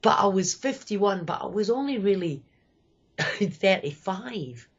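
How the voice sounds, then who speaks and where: Husky Scottish woman in her fifties. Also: medium pitch, animated, unhurried, highs cut off. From Scotland. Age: 50s. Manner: candid, rambling, quotes people. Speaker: guest. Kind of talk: personal storytelling.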